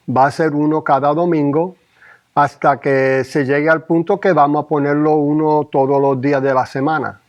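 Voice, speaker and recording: Male co-host, Spanish accent, playful quips, somewhat high voice. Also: dull audio. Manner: joking, teasing interjections. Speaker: podcast co-host. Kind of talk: casual chat.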